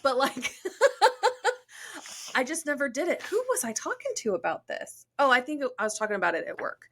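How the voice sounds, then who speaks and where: A woman's voice: high voice, normal speed. A young woman co-hosting a podcast, chatting casually, laughing often and reading a listener story aloud. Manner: chatty, giggly, animated when reading stories. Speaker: podcast co-host.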